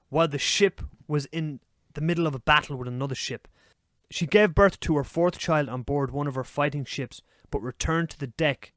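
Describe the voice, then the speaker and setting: A man's voice: on the high side, dry recording, clean studio sound. An Irish man co-hosting a podcast, telling history stories in casual, swearing chat. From Ireland. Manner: swearing, animated storytelling with laughs. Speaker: podcast co-host.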